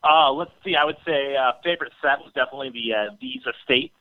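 A man calling in to a talk show, chatting casually and hesitating with lots of filler pauses. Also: a little high, no echo. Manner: halting, many filler pauses. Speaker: caller. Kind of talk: casual chat on a call-in show. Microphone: phone. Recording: tinny phone line.

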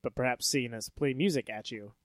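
A man's voice: mid-range voice, a little fast, no room sound. A man co-hosting a podcast, chatting loosely and explaining upcoming shows. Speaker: podcast co-host, band member. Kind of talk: casual banter.

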